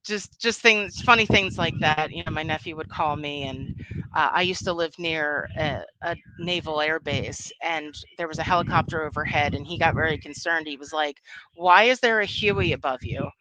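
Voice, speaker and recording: A woman's voice: sits low, moderate pace, background noise. A woman speaking over a video call, telling casual family stories and taking audience questions, rambling and laughing often. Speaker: conference speaker, threat intelligence analyst.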